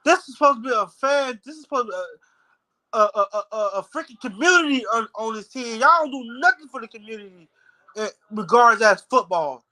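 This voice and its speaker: A man's voice: very high voice, lively intonation, fairly quick, pushed and bright, poor audio. A man ranting angrily as a football fan on his own video channel, cursing and stammering over his words. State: angry. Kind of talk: heated fan rant vlog.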